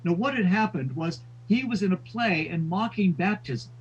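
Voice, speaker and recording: A man's voice: sits high, expressive, normal speed, slightly rough, dull audio. A man lecturing on history, telling stories with frequent fillers and quoting figures. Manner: storytelling with quoted voices, frequent fillers.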